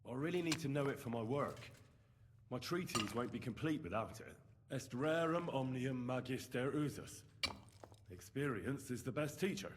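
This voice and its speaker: A man's voice: mid-range voice, lively intonation, moderate pace, background noise, lightly acted. An actor playing a polite, curious young man who questions miners in a video game. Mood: inquisitive. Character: curious young male student, polite and earnest.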